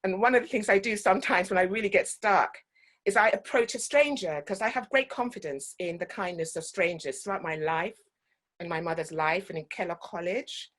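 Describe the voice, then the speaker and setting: A woman's voice: lowish voice, fairly bright tone. A woman from Guyana, an actor giving a talk and telling personal stories with frequent ums.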